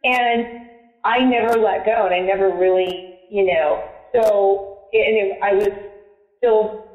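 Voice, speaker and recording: A woman's voice: medium pitch, steady tone, slow. A woman guest chatting in an interview, telling a personal story in a rambling, emotional way. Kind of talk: casual interview chat. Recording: echoey, tinny phone-line sound.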